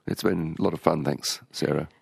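A man's voice: rumbling low, normal speed, gravelly, breathy edge, no room sound, clean studio sound. An older Australian man, an author being interviewed, telling stories in a rambling way with many restarts. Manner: rambling, with frequent restarts and storytelling. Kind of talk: relaxed conversational interview.

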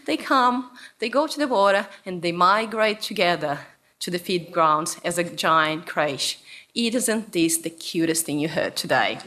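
A woman from Brazil giving an animated, playful storytelling talk to an audience about her research. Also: lowish voice, measured pace. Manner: animated, playful, acts out voices. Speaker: researcher and speaker.

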